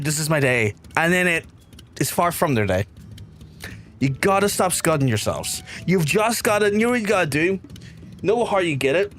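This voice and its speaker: A young man from Belfast with a softened Belfast accent, chatting and rambling to his viewers while he streams a game. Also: fairly high pitch, lively intonation, moderate pace, slight background noise. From Northern Ireland. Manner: rambling, chatty, reads chat aloud. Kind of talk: casual game stream chat.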